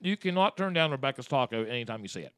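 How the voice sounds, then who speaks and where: A man's voice: medium pitch, big pitch swings, racing, crowd noise. A man co-hosting a casual podcast, rambling through stories and laughing at his own jokes. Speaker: podcast co-host. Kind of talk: casual chat.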